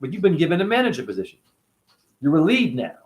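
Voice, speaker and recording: Ranting, profane middle-aged man, lively pitch. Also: quick pace. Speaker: spiritual livestream host. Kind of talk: livestream rant answering chat.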